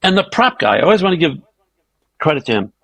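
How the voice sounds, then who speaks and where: Gravelly older man telling stories. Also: a little high, fast, no room sound, rough recording. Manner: animated raconteur, swearing. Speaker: guest actor. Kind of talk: anecdotal storytelling.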